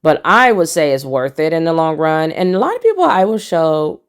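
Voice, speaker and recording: Give me a low-pitched young woman doing emphatic, opinionated vlog commentary. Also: very animated, normal speed, clear, resonant tone. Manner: emphatic, preachy, repeats "no, no". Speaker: commentary vlogger. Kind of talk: casual commentary.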